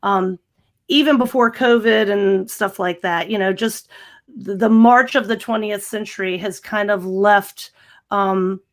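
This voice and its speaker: Woman, podcast guest, chatty, animated, laughs easily, mid-pitched voice. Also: measured pace. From American South. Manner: chatty and animated, laughs often, many fillers. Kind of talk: casual podcast interview.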